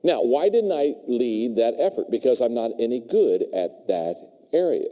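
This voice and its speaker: A man's voice: mid-range voice, normal speed. A man giving a motivational leadership talk in a large hall, telling stories and acting out the dialogue. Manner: animated storyteller who acts out dialogue. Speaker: leadership speaker. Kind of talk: motivational speech. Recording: long hall reverb.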